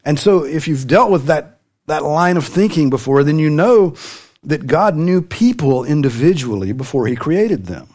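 A man's voice: fairly high pitch, lively intonation, moderate pace, darkish tone. A man preaching a sermon to a congregation, with light humor and sudden rises in his voice for emphasis. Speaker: pastor.

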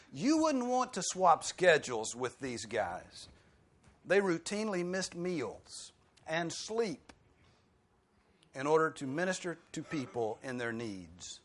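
A man preaching a sermon in a conversational way, with rhetorical questions and dry humor. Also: on the high side.

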